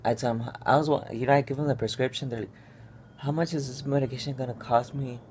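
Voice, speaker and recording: A man's voice: medium pitch, fairly even intonation, fast talker, darkish tone, slight background noise. A man telling a stressed personal story in a casual vlog, rambling with many fillers and restarts. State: stressed and upset. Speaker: vlogger.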